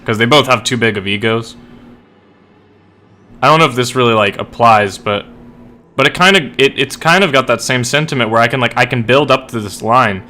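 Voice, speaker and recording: Young male streamer, crisp tense tone, loose rambling chat, heavy fillers. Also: mid-range voice, moderate pace, bright, forceful tone. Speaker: streamer and writer. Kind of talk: casual chat while gaming.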